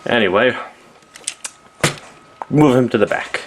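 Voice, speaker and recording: A man's voice: on the low side, unhurried, slight background noise. A man giving a casual, rambling toy review, often correcting himself mid-sentence. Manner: rambling, self-correcting, offhand.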